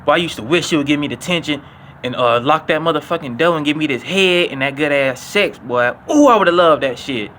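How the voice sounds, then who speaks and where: A young man telling stories casually to his viewers, profane and animated, acting out what people said. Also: brisk, slight background noise. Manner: animated, acts out quotes with higher voice; profane, repetitive slang. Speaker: vlogger. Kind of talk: casual storytelling.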